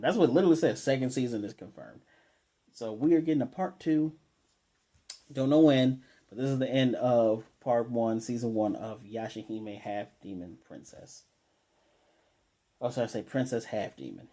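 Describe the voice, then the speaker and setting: A man talking through an anime episode recap in a loose, rambling way. His voice is dark and mellow, sitting at an ordinary middle pitch, and he often restarts his sentences as he quotes the characters. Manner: rambling recap with restarts, quoting lines in a flat voice. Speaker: anime reviewer.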